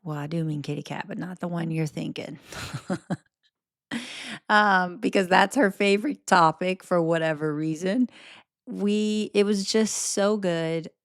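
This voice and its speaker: A woman's voice: lowish voice, unhurried, no room sound, clean studio sound. A young adult woman hosting a podcast, chatting candidly and casually about her life, swearing freely. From American South. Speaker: podcast host. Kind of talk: casual chat.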